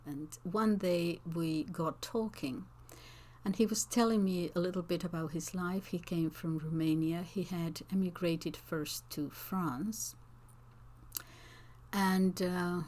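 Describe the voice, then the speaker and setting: A woman teacher answering viewers' comments in an unscripted talk, slow and thoughtful, with frequent hesitations and restarts. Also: on the low side, darkish tone. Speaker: language teacher and channel host.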